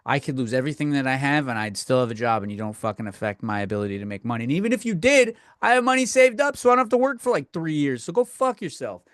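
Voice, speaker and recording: A man's voice: medium pitch, sing-song, quick pace, few pauses, fairly bright tone, no room sound, studio quality. A young man hosting a solo podcast, ranting bluntly and profanely and rambling with frequent restarts. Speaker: podcast host.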